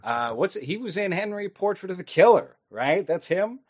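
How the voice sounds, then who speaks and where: A man's voice: high-pitched, big pitch swings, normal speed, breathy edge. A man chatting casually on a podcast, recapping a movie's plot in a rambling, wry way with frequent swearing. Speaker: podcast co-host. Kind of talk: casual chat recapping a film.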